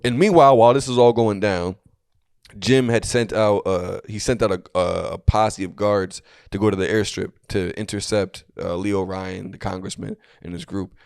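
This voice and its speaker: A man's voice: on the low side, fairly even intonation, moderate pace, gravelly, a little mellow, clear, resonant tone, no echo, studio quality. A young man co-hosting a comedy podcast, telling a story casually with many fillers and restarts. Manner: rambling, lots of fillers and restarts.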